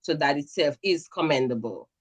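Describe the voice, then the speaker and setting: Woman from Grenada, caller, earnest, measured delivery with fillers. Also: low-pitched, expressive, husky. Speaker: caller commenting on the budget. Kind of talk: casual call-in commentary.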